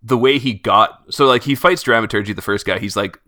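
Bright-voiced young man rambling casually. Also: mid-range voice, fairly quick, no room sound, clean studio sound. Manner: rambling, lots of filler words. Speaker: podcast co-host. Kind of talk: casual chat about an anime.

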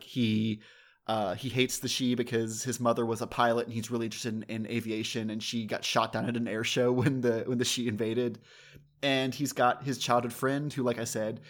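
A man co-hosting a casual chat, rambling through a review with lots of fillers and self-mocking asides. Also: medium pitch. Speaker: podcast co-host reviewing anime.

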